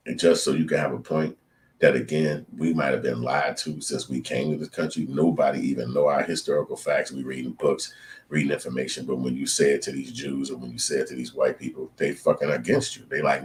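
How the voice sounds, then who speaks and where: A man delivers a blunt, profane, preachy monologue to his viewers. His voice sits extremely low. A faint hum of noise runs under the recording. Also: fairly even intonation, a little fast, darkish tone. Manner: blunt, profane, preachy ranting with acted-out quotes. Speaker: show host. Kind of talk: casual opinion monologue to viewers.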